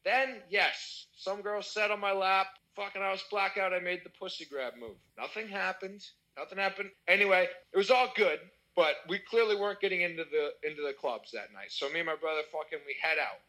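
A young American man telling a wild party story in casual chat, animated and swearing. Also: sits high, brisk, hardly any pauses, rough recording. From United States.

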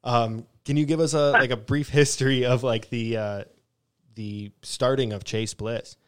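A man's voice: medium pitch, fairly even intonation, a little slow, smooth. A young man hosting a podcast, chatting loosely with plenty of ums. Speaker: podcast host. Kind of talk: casual podcast chat.

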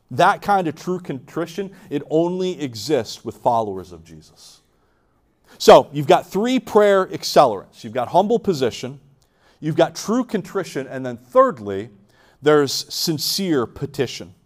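A man's voice: on the high side, big pitch swings, a little slow. Earnest man preaching a sermon. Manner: earnest, repeats words while restarting, asks the congregation questions. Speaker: pastor.

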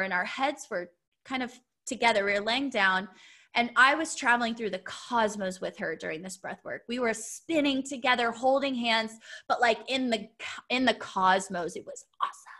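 A woman's voice: a little high, pushed and bright. A woman telling a heartfelt personal story in casual conversation, rambling with many fillers and restarts. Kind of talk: casual podcast chat.

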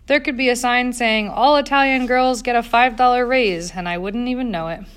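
A woman's voice: on the high side, normal speed, clear, resonant tone, voice pushed up, lightly acted. A woman voicing a cheerful young immigrant factory girl who talks in a wistful, earnest way.

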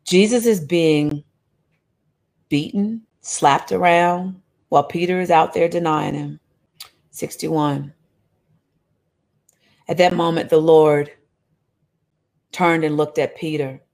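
A woman preaching a sermon, reading scripture aloud with animated, conversational asides to her listeners. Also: deep voice, takes it slowly, pauses often.

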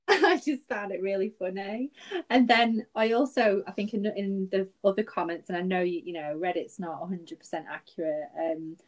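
A woman's voice: medium pitch, normal speed, rough recording. A British woman co-hosting a podcast in casual chat, talking in a chatty way and laughing easily. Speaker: podcast co-host. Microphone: remote recording.

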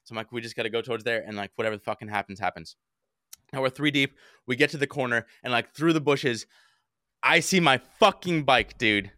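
A young man co-hosting a podcast, telling a story in casual chat, animated and swearing often as he acts out what people said. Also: medium pitch, brisk, dry recording, studio quality. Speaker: podcast co-host.

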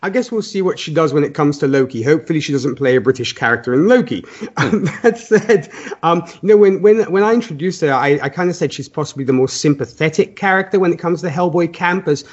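Measured, fairly high-voiced podcast host. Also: male voice, animated, muffled recording. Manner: measured, hedging, leads the discussion. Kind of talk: casual chat.

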